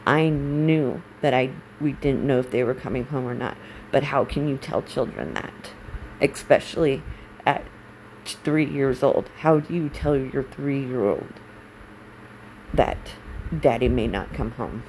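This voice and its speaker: Speaking a little slowly in a bass, darkish voice, a military spouse in her forties shares her life candidly and with emotion, swearing bluntly when angry. The recording is rough, with slight background noise.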